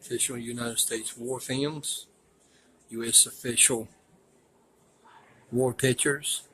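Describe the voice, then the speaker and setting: A man's voice: medium pitch, steady tone, bright, forceful tone, a little hiss or hum, poor audio. Rambling man touring a museum. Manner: rambling, folksy, quick to complain. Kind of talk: casual walkthrough narration. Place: indoor museum.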